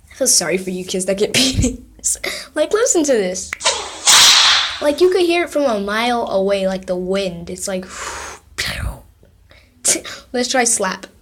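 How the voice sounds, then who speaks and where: A woman's voice: medium pitch, animated, a little slow, long pauses, slight background noise. A woman vlogger in casual chat, playing sound effects from an app and reacting with giggly, playful commentary.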